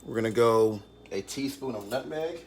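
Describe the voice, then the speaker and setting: A man leading a live online cooking class, calmly explaining each step. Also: medium pitch, moderate pace, creaky, slight background noise. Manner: calm step-by-step instruction.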